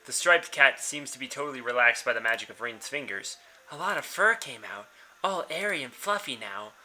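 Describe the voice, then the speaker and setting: A man's voice: medium pitch, lively intonation, fairly quick, bright, forceful tone, faint music behind. A young man hosting a let's-play, reading a visual novel aloud and commenting in a casual, blunt way, swearing freely.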